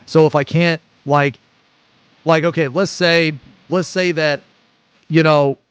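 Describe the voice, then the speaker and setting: A man in his forties, a streamer chatting casually and rambling excitedly with lots of swearing. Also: fairly high pitch, takes it slowly, clean tone, no echo. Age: 40s. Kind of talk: casual live-stream reaction chat.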